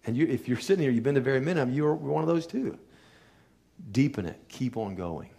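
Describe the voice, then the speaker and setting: A middle-aged man, a chiropractor, telling an emotional patient story to a live audience in an earnest, emphatic way that often drops to a hushed tone. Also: medium pitch, lively intonation, fairly quick, vocal fry. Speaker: chiropractor giving a talk.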